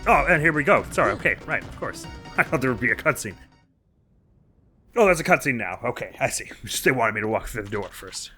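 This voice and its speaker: A man's voice: mid-range voice, sing-song, brisk, sharp tone, soft background music. A man hosting a let's play, giving playful, chatty gameplay commentary and laughing often.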